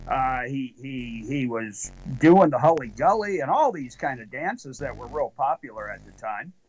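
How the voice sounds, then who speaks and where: A man, the network founder, telling a rambling deadpan tall tale as a guest on a call-in show, with many halting restarts. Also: medium pitch, highs cut off.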